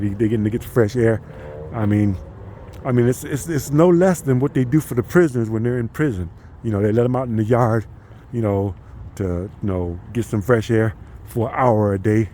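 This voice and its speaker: A man's voice: fairly low pitch, mellow, slight background noise. Rambling profane man outdoors. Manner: profane, rambling, fillers like "you know". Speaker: vlogger. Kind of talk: casual walking vlog. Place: outdoor park.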